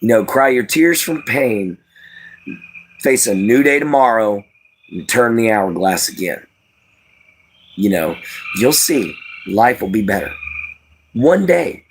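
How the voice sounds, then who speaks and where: A man's voice: fairly low pitch, big pitch swings, slow pace, long pauses, slight background noise. A tired man from Louisiana with a light Cajun accent, chatting casually and folksily as a live-stream host, rambling with lots of fillers. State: tired from lack of sleep.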